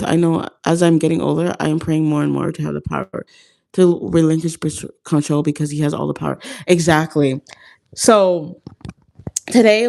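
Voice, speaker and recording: A woman's voice: fairly low pitch, darkish tone. A young woman chatting casually, telling a personal story full of "like" and "um" and acting out what people said. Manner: chatty, heavy use of "like" and "um", acts out quotes. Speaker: vlogger.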